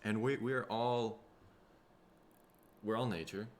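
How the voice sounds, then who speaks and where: Tired, rough-throated Midwestern man rambling. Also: lowish voice, fairly even intonation, slow pace. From Minnesota, USA. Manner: rambling, profane, laid-back. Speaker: podcast host. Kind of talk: casual solo podcast monologue.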